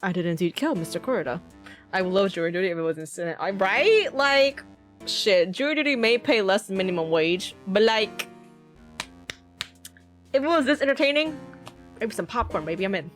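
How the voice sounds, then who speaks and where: A woman streamer chatting casually as she plays, animated and swearing freely. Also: medium pitch, normal speed, pauses often, soft background music. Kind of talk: casual game commentary.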